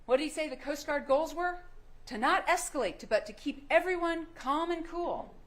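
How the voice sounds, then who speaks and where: A woman's voice: high-pitched, moderate pace, fairly bright tone. A woman prosecutor delivering a closing argument, pressing the jury with emphatic rhetorical questions. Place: courtroom. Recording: echoey courtroom with faint hum.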